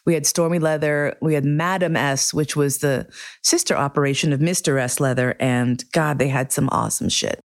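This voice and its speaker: A middle-aged woman hosting a podcast, telling a candid, profane personal story with lively acted-out quotes. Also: low-pitched, moderate pace. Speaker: podcast host.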